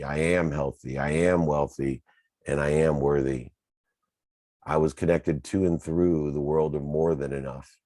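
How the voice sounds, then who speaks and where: A man's voice: extremely low pitch, dark tone, no room sound. A man telling his own life story in an earnest, emphatic motivational talk, building his points through repeated lists. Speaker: speaker sharing his personal story.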